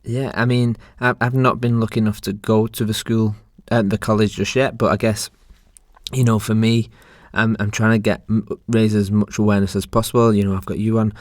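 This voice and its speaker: A man with a lowish voice hosts a podcast. His talk is earnest and reflective in casual chat. It is recorded close and dry. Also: little pitch movement, brisk, a little mellow, no room sound. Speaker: podcast host.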